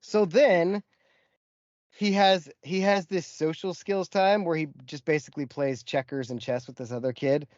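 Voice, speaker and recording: Male podcast co-host, animated storyteller, slightly high voice, dry lo-fi sound. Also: normal speed, no room sound. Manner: animated storyteller, acts out quotes. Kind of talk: casual storytelling chat.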